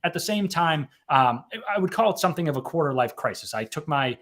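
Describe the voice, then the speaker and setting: A man's voice: on the high side, expressive, quick pace, a bit bright. A man in his thirties, an author and mental health advocate, telling his story in a casual interview, rambling and correcting himself with frequent "right?" tags.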